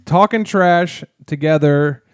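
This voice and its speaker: A man's voice: a little high, slow pace, smooth, no room sound. Wry, dry-sounding podcast co-host man. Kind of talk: casual chat.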